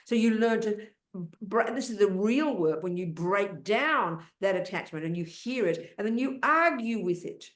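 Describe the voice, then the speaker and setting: A woman's voice: medium pitch, lively intonation, a little slow, few pauses. An older woman teaching Buddhist ideas in a blunt, emphatic way, cutting in on her student with questions. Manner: blunt, interrupting, emphatic, talks over the questioner. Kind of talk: dharma teaching, question and answer. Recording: roomy echo.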